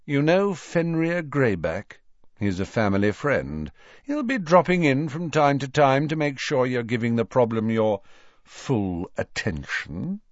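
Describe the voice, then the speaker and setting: A man's voice: mid-range voice, sing-song, measured pace, dry recording, muffled recording, voice pushed up. A man voicing a sneering, arrogant teenage boy wizard who talks coldly and threateningly. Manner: cold, threatening, contemptuous.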